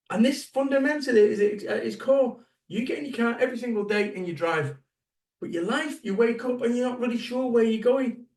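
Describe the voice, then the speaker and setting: A fifties man delivers a motivational keynote, blunt and sweary and firing rhetorical questions at the crowd. His voice sits a little high for a man. It carries from a distance in an echoey hall. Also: darkish tone. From Salford, England. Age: 50s. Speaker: motivational speaker.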